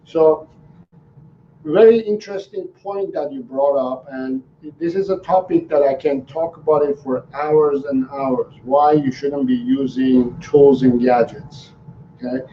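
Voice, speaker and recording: Answering his viewers live, a dog trainer speaks slowly and haltingly, peppering his replies with ums and restarts. His voice has a medium pitch. The recording is roomy and distant, dull-sounding, with faint noise.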